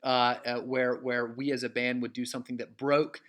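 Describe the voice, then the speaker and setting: A man's voice: medium pitch, level tone, normal speed, fairly bright tone. A man teaching a recorded literature lecture in a casual, conversational way, full of fillers and frequent "okay?" check-ins.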